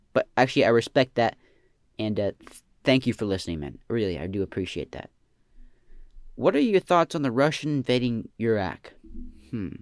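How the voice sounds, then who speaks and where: A young man hosting a comedy podcast, answering listener questions in a deadpan slacker drawl that trails off with "man" and "bro". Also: medium pitch, no room sound, studio quality.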